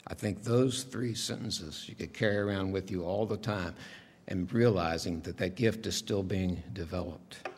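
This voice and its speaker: Lowish husky guy preaching, chatty and thoughtful, long hall echo. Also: normal speed. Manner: conversational, reflective storytelling with soft asides. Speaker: pastor. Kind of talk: sermon. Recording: long reverb of a large hall.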